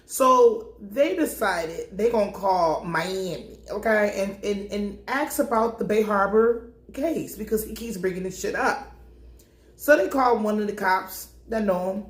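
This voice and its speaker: Young woman, casual TV recap, animated, slangy, profane, echoey room. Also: mid-range voice, a little slow. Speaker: TV recap vlogger.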